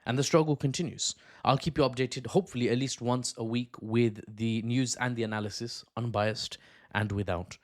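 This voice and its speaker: Young male commentator, mid-pitched, fast and off-the-cuff, with frequent joking digressions. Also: fairly even intonation. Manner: quick, digressive, joking asides. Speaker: news commentator. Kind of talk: casual political commentary video.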